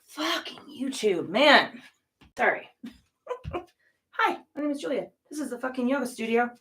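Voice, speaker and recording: A woman's voice: a little high, lively intonation, moderate pace, a bit bright, far from the mic. Profane rambling woman yoga host. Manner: profane, ranting and rambling, with laughs. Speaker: yoga studio owner and host. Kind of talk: casual chat.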